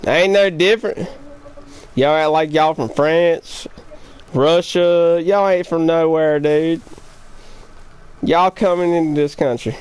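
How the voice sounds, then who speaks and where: High-voiced man trash-talking online. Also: clean tone. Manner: taunting, profane, confrontational ranting; repeats his jabs over and over. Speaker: live streamer. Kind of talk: trash-talking live-stream chat.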